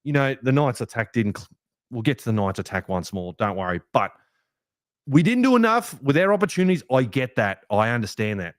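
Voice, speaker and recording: A young Australian man hosting a fan podcast, ranting heatedly with plenty of swearing, a little rough from a hangover. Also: mid-range voice, brisk, no echo, studio quality. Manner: heated, sweary rant with lively swings. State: hungover, rough voice. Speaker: podcast host. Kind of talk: fan podcast match review.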